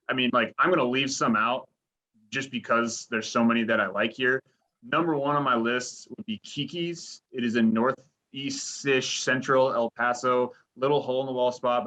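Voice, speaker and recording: Rambling man with a bright voice. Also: mid-range voice. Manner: rambling, full of likes and restarts. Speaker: sports director and reporter, podcast guest. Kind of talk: casual interview chat.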